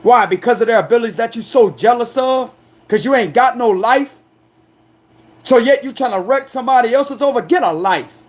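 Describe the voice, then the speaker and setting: A man delivering an angry, defiant monologue as a tarot reader, confrontational and forceful, repeating himself to drive points home. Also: extremely high pitch, a little fast. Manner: loud, forceful, aggressive delivery.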